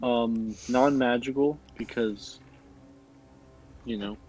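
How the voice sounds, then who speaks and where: A man playing a tabletop game, speaking hesitantly with many pauses and fillers. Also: medium pitch, fairly even intonation, a little mellow, faint music behind. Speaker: player. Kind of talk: casual tabletop play. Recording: slightly dull lo-fi audio.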